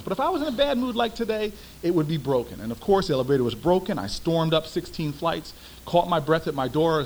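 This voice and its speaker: A young man, a former city councilman, giving a storytelling speech with emphatic, animated delivery. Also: on the high side, slight background noise, low-quality recording.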